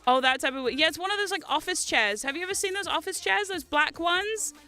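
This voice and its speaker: Giggly high-voiced woman streamer in her thirties. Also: a little fast, pushed and bright, soft background music. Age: 30s. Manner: chatty, giggly storytelling, reads chat aloud. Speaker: livestream host. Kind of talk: casual livestream chat.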